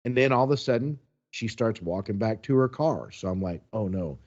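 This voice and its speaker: A man's voice: mid-range voice, brisk. Man telling a story, lo-fi. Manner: animated, acts out quotes. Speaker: podcast co-host. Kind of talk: casual storytelling.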